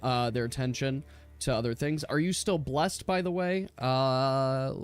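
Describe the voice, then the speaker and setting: A man running a tabletop role-playing game as game master, narrating scenes in a relaxed, halting way with many fillers. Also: mid-range voice, smooth, no echo, soft background music.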